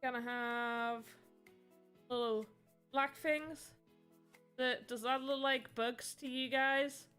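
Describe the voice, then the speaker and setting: A woman's voice: high-pitched, steady tone, takes it slowly, long pauses, sharp tone, clean tone, faint music behind. A woman with a British accent chatting casually on a livestream. She rambles a little while answering her chat. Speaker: livestreamer making voxel art.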